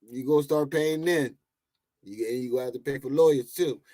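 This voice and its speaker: A man's voice: mid-range voice, brisk, warm tone. A man giving mocking, laughing commentary as he reacts to a video clip.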